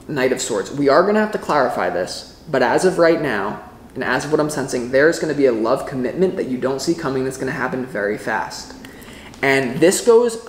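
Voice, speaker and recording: A man giving a casual tarot reading to camera, excitable and rambling, often breaking off mid-thought. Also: mid-range voice, reverberant, slight background noise. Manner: rambling, excitable, self-interrupting. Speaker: tarot reader.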